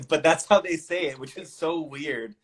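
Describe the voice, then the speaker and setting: A man's voice: on the high side, measured pace, a loud crowd. A man in his thirties chatting casually on a live stream, explaining things in an easygoing way with fillers. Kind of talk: casual chat.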